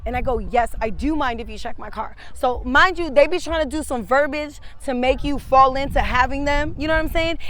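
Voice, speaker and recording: A woman's voice: high-pitched, a bit bright. A woman telling a personal story in casual, profane, slang-heavy speech. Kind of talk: casual street-interview storytelling.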